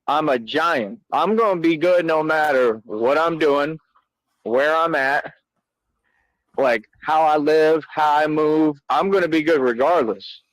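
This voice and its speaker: A man ranting slowly and boastfully, repeating himself and speaking in casual slang. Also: fairly high pitch, dry recording, low-quality recording. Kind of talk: boastful rant.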